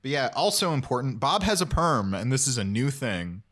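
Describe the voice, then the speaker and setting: A man's voice: medium pitch, animated, moderate pace, a bit bright. A man co-hosting a podcast, chatting casually and enthusiastically, rambling with fillers. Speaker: podcast co-host. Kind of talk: casual chat.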